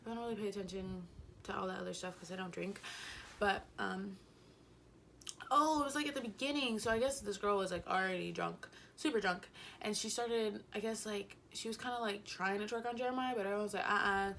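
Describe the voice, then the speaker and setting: Bright-voiced young woman rambling a storytime. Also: mid-range voice, a little fast, creaky, slight background noise. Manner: rambling, giggly, full of fillers. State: a little out of breath. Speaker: vlogger. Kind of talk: casual storytime chat.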